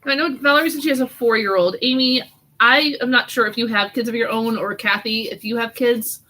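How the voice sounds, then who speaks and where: A woman's voice: fairly high pitch, fairly quick, bright, forceful tone, a little hiss or hum, low-quality recording. A woman hosting a casual live doodling chat, teasing her kid and reading out viewer comments as she draws. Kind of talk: casual live-stream chat while drawing.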